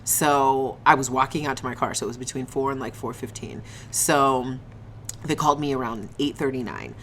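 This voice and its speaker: A young woman telling a casual storytime on her vlog, animated and slangy, swearing and laughing often, eating on camera. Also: very deep voice, moderate pace, a little hiss or hum. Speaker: vlogger.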